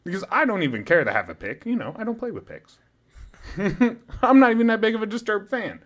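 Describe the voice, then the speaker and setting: A young man spins a casual podcast story with a lively, swooping voice that sits a little high for a man. He laughs often, swears freely, and gets loud when he imitates people. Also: a little fast. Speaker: podcast co-host.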